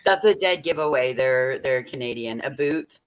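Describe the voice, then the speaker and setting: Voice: mid-range voice, expressive, moderate pace. Matter-of-fact voice chiming into a chat. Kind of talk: casual live chat.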